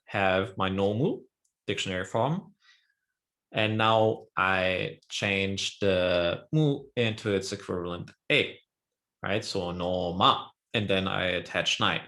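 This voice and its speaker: A man leads a language lesson in a low, slightly gravelly voice. He explains rules step by step and often checks that his student follows. His pace is slow and unhurried throughout. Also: fairly bright tone. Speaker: Japanese teacher.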